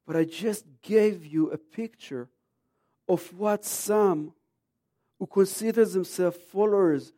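Brief: male preacher in his thirties, emphatic, moves between hushed and loud delivery. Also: on the high side, dry recording, studio quality. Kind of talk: sermon.

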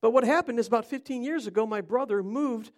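A man's voice: very high voice, fast talker. A middle-aged man from Ohio preaching an interactive sermon, chatting with his listeners and quizzing them by name. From Cleveland, Ohio.

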